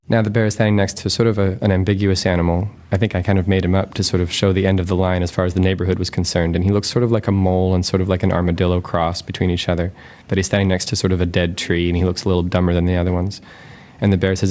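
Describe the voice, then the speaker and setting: A man reading his picture book aloud and describing its pages in a calm, dry, matter-of-fact way. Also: deep voice, quick pace.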